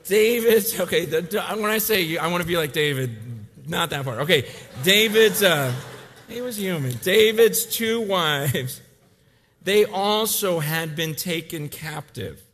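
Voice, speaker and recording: A man in his forties preaching a sermon, telling a story with animated swings between loud urgency and quiet intensity. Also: a little high, measured pace. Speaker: pastor.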